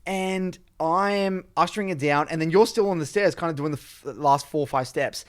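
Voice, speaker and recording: A man spins a casual story on a podcast, his voice sitting a little high for a man. He rambles and pads his sentences with "like" as he talks it through. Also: moderate pace. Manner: rambling, filler-heavy storytelling with frequent "like". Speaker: podcast co-host.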